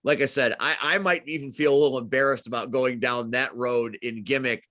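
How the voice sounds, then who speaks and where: A man's voice: mid-range voice, fairly quick, a bit bright, dry recording, clean studio sound. A male interview host who speaks in an effusive, showman-like way while closing the interview.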